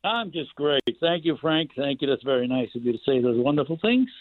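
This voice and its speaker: An older man telling rambling, animated stories as a guest actor, with many restarts. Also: fairly high pitch, brisk. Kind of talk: casual storytelling interview. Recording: tinny phone line, dry.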